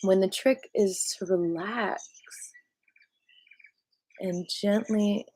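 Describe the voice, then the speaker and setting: A woman's voice: mid-range voice, very slow, slight background noise. A woman giving a casual, rambling qigong meditation talk outdoors among trees, tired from a night up. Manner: rambling, relaxed, full of fillers. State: tired from staying up all night. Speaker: qigong teacher. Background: birds and rustling trees.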